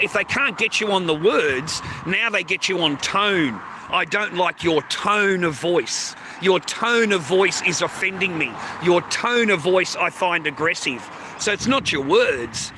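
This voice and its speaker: A man's voice: high-pitched, background noise. An Australian man ranting to his viewers in a repetitive monologue, swearing heavily and calling his listeners mate and bro.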